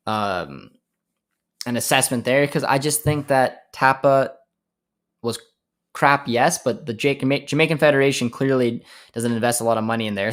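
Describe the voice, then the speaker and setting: A young man from Canada hosting a casual live stream, reading viewer comments aloud and answering them with frequent laughs. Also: medium pitch. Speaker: host.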